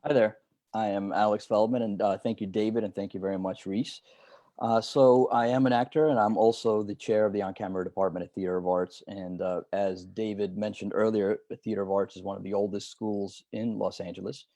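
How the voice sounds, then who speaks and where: A man's voice: lowish voice, flat delivery, a little fast, mellow, dry recording. A man, an acting teacher and department chair, speaking earnestly over a video call and explaining his craft with some fillers. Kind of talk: webinar presentation.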